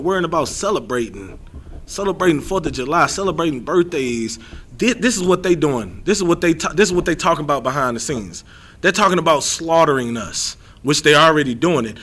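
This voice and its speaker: High, bright-voiced man preaching. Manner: animated, rambling, repeats himself. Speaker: street preacher. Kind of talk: livestreamed scripture teaching.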